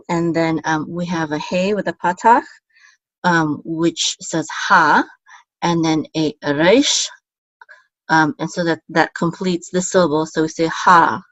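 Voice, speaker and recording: Female teacher, lower register, patient step-by-step explainer, dry close mic. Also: dry recording, lo-fi sound. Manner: patient, explains letter by letter, many fillers. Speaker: Biblical Hebrew teacher. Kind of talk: step-by-step reading lesson.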